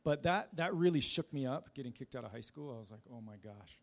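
A man giving a personal testimony in a casual, halting way, with many fillers, restarts and self-deprecating laughs. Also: medium pitch, animated, creaky.

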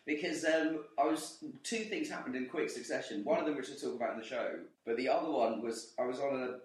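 A man from England, a comedian guest, chatting casually and telling anecdotes with lively voices. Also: mid-range voice, brisk, recorded from a distance. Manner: animated storytelling, puts on voices in anecdotes. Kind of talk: casual chat. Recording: echoey room, away from the mic.

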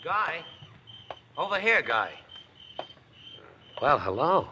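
An actor playing an unhinged, smooth-talking young man in an old radio drama, with a husky, insinuating manner. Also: on the high side, big pitch swings, takes it slowly. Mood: creepily calm. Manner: insinuating, overly friendly. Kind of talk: 1950s radio drama acting.

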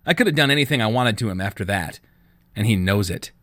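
A man's voice: lowish voice, lively intonation, fast talker, a bit bright, no echo, studio quality. A man voicing Judith, a bold, defiant teenage girl who fights, speaking in a cocky, matter-of-fact way.

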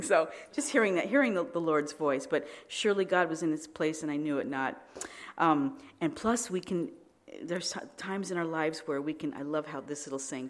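Low-voiced woman preaching a sermon. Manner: animated storytelling with frequent laughs and restarts.

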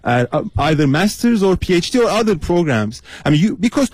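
A man's voice: sits high, very animated, fairly quick, a little mellow, husky, no echo. A man from Turkey, a guest on a radio interview, speaking earnestly with many hesitations. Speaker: studio guest. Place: radio studio.

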